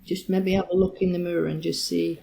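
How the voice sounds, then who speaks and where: A woman's voice: fairly low pitch, level tone, fairly quick, creaky, mellow, slight background noise. Emphatic British woman interview guest. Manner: candid, emphatic, frequent fillers. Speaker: interview guest, retired firefighter. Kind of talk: conversational interview.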